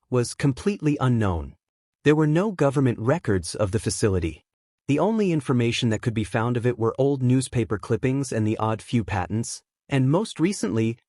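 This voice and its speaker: A man reading a fanfiction story aloud as the narrator, in steady storytelling. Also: medium pitch, dry recording, clean studio sound.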